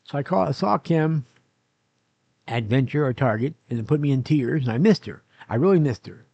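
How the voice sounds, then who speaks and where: Gravelly older man rambling through a story. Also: mid-range voice, animated, moderate pace, dark tone, no echo, dull audio. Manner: rambling, self-correcting, many "uh"s. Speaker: vlogger. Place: room in a nursing home. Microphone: camera recording himself.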